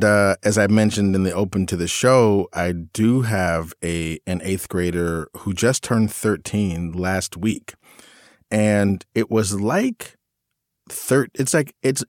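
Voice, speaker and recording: A middle-aged man with a low voice tells a story on his podcast in a loose, self-mocking way, often laughing at himself. The sound is dry and close. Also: darkish tone, no echo. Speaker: podcast co-host. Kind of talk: casual storytelling chat.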